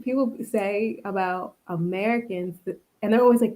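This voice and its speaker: A woman hosting a casual interview, reading out viewer questions and lively when she acts out what people told her. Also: medium pitch, normal speed. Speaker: host.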